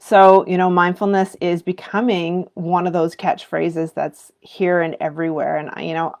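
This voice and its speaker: A mindfulness teacher in her thirties or forties gives an earnest, reflective live talk to educators, repeatedly turning rhetorical questions back to her viewers. Her slightly low voice has a gravelly fry, with a level tone and normal speed.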